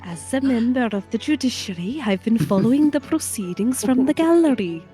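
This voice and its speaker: A woman's voice: a little high, lively intonation, normal speed, warm tone, soft background music, voice pushed up, lightly acted. A woman voicing a kindly, formal old male judge with a put-on Welsh accent, speaking in ceremonious phrases. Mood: grateful.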